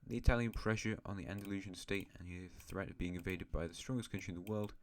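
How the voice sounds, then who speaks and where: Low-pitched and talking fast, this host narrates an alternate-history map game in a loose, chatty ramble. He often pokes fun at himself along the way.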